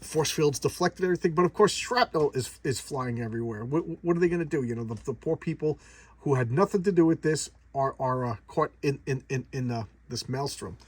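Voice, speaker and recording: A man's voice: mid-range voice, brisk, breathy edge. A man casually recapping a comic book's plot in a rambling, enthusiastic way, often repeating words and using lots of fillers. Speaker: comic book reviewer. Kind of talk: casual chat.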